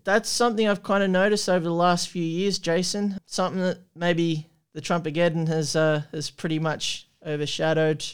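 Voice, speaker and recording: A man from Australia hosting a podcast, speaking in a measured, thoughtful way and putting questions to his co-host. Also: a little high, flat delivery, clear, resonant tone. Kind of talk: casual conversational commentary.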